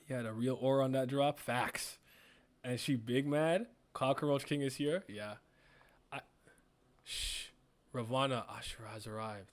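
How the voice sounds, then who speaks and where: Hyped guy reacting casually, kinda high bright punchy voice, cusses and cracks up a lot. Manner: excitable, laughs often, jumps into high yelps and exclamations; slangy and profane banter. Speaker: webcomic reaction host.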